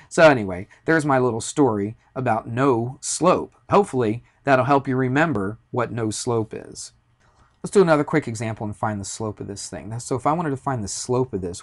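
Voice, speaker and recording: Chatty male math teacher telling a story. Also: medium pitch. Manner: chatty, storytelling, uses fillers and asides. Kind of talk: classroom lecture with a personal story.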